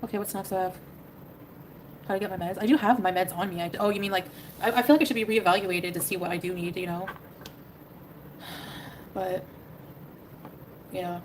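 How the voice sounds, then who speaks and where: Fast-talking rambling woman streamer. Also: medium pitch, steady tone, a little hiss or hum, poor audio. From Canada. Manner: rambling, hedging speech. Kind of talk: casual livestream chat.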